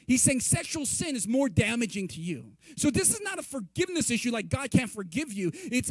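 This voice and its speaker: High-voiced animated male pastor. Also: no room sound. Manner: conversational, repeatedly asks "right?"; animated, acts out quoted reactions. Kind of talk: sermon.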